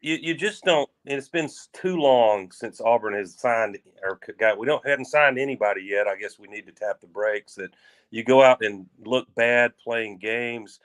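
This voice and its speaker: A man co-hosting a sports talk show, rambling in a folksy way with drawn-out phrases and restarts. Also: mid-range voice, fairly bright tone. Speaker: sports radio co-host.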